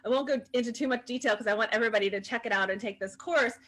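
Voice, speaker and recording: A woman hosting a live-stream chat who reads out viewer comments and talks in a gushing, enthusiastic way, quick to laugh. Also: fairly high pitch, fairly bright tone.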